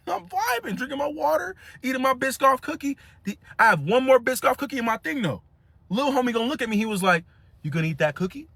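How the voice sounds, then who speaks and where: Young man, high lively voice, storytelling, dry close sound. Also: dry recording. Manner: animated, laughs often, acts out other people's lines. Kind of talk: casual storytelling.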